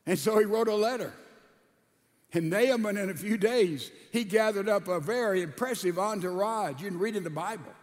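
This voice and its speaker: A man with a fairly high voice preaches, retelling a scripture story in a folksy, conversational way. He acts out the characters' lines as he goes. His voice carries a long reverb from a large hall. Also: normal speed. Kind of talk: storytelling sermon.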